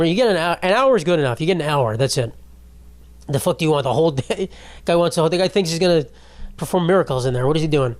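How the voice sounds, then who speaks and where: A young man talks on his own podcast in a loose, wandering way, swearing freely and poking fun at himself. His voice sits a little higher than most men's. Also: expressive, fast talker, darkish tone. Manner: rambling, profane, self-mocking. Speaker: podcast host. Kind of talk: casual solo podcast chat.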